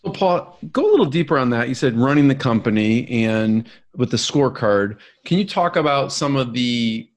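A man hosts an interview and prompts his guest to say more with follow-up questions. His voice sits at a middling pitch. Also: sing-song, moderate pace, hardly any pauses. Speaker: interview host.

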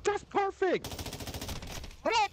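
A man putting on a high, squeaky mock-British voice as a pompous male streaming etiquette gentleman, giggly and flustered while commenting on his game. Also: expressive, drawn-out words, a little hiss or hum, full character voice. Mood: playful. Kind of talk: live gameplay commentary in character.

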